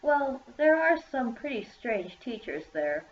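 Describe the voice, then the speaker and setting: A woman's voice: high-pitched, very animated, slow pace, pitched above the performer's own voice, heavily acted. A woman reading the part of a polite, eager teenage schoolgirl, in an echoey room with dull sound. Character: shy curious teenage schoolgirl.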